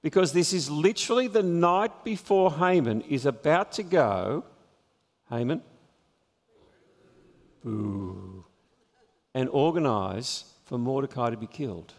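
A man preaching a sermon, retelling a scripture story with lively storytelling and chuckles at his own jokes. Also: fairly high pitch, moderate pace, big-room sound.

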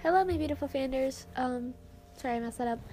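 A young woman reading a fan story aloud in a quiet, flat voice, close to tears and apologizing nervously. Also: high voice, fast talker, music in the background. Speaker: fanfiction reader.

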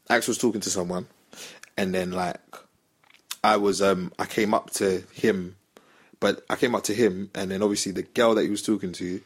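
A young man telling a story on a podcast, acting out the voices of the people in it. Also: deep voice. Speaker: podcast host. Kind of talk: casual storytelling chat.

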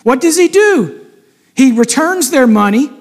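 Guy preaching a sermon, kinda high voice, earnest, keeps asking the same question twice, big echoey hall sound. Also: lively intonation, measured pace. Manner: earnest, repeats rhetorical questions. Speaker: pastor. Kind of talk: sermon with scripture reading. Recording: long reverb of a large hall.

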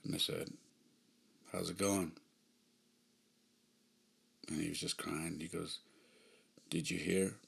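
A man in his thirties hosting a podcast, telling a personal story in a subdued, halting way with frequent sighs. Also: deep voice, little pitch movement, gravelly, fairly bright tone, husky. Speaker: podcast host.

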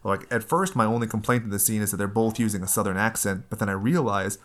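A man hosting a casual film discussion, talking in an animated, analytical and chatty way. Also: on the low side, fast talker.

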